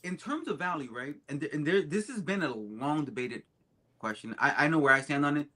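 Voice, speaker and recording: A man co-hosting a casual podcast chat, talking emphatically and swinging between loud and soft. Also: on the high side, expressive, a little fast. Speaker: co-host.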